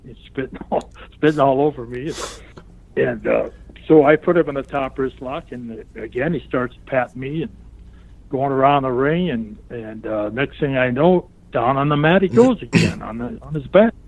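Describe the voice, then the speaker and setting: An older man recounts a story in a relaxed interview. He acts out the voices of the people in it and keeps breaking into laughter. His voice comes through thin and tinny, as if over a phone line. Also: mid-range voice, normal speed. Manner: animated storyteller who acts out the other people's lines; laughs often while telling the story. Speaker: wrestling guest telling a story. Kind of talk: casual anecdote in a remote interview.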